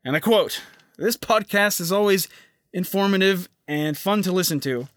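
A man's voice: high voice, moderate pace, no echo, studio quality. A young man hosting a casual podcast, rambling with lots of fillers and restarts. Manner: rambling, filler-heavy, self-interrupting. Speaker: podcast host.

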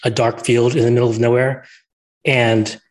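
A man's voice: mid-range voice, flat delivery, normal speed. A man co-hosting an interview podcast, asking questions in a wry, reflective way. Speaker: podcast co-host. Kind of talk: casual conversation.

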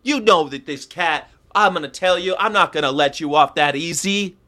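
A man putting on the voice of a blunt male animal-rights lecturer, ranting slowly and confrontationally. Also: on the high side, pushed and bright, voice pushed up.

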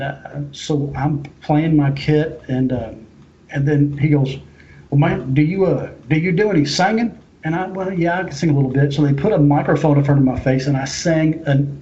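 A man's voice: a little high, warm tone. A man from Louisville, Kentucky, a podcast guest, telling funny, rambling stories and acting out the voices of the people in them. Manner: humorous, rambling, acts out quoted voices. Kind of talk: casual chat, storytelling. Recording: slightly muffled, faint hiss.

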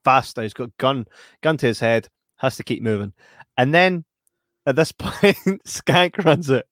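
A man's voice: mid-range voice, expressive, measured pace, fairly bright tone, no room sound, studio quality. A man co-hosting a podcast, chatting casually about a film and laughing often as he retells scenes. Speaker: podcast co-host.

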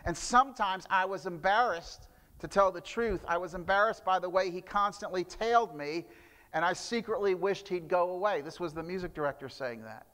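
A man's voice: high voice, moderate pace, fairly bright tone, in a large hall. A man preaching a sermon, telling stories with frequent restarts and fillers. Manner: storytelling with repeated restarts and fillers. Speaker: pastor.

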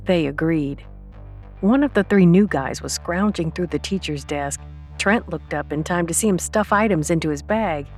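A woman narrating an audiobook in a calm, steady reading voice. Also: on the low side, normal speed, soft background music.

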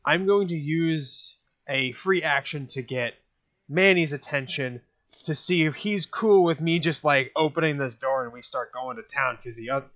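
A man's voice: on the high side, normal speed, a bit bright, dry recording, dull audio. A man playing a tabletop game, eagerly thinking through his moves aloud. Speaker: player.

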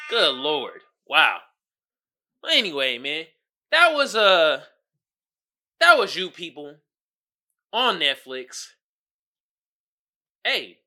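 Bright, lively-voiced male podcast host. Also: a little high. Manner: animated, exclaiming, laughing often. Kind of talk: casual solo commentary.

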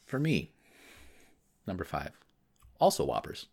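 A man with a very deep, low voice co-hosts a live stream in loose, casual chat. He teases his partner and often stops and restarts mid-sentence. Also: very animated, unhurried, darkish tone, breathy edge. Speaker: podcast co-host.

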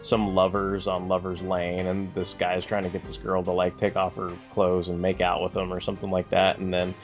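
A man's voice: sits low, monotone, normal speed, lo-fi sound, soft background music. A man co-hosting a podcast, chatting casually in a rambling way with lots of fillers and swearing. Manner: rambling, filler-heavy, profane. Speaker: podcast co-host. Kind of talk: casual chat.

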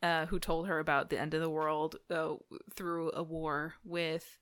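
Woman co-host, chatty and giggly, lowish voice, dry close sound. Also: level tone, unhurried, a bit bright, clean tone, no room sound. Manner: chatty, laughs often, many fillers. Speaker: podcast co-host. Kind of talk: casual chat.

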